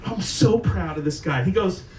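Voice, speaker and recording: Male stand-up comic, high-pitched, profane storyteller; distant mic, noisy crowd. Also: normal speed. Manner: profane, animated storytelling with acted quotes. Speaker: stand-up comedian. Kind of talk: stand-up comedy set. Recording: echoey room, far from the mic, noisy.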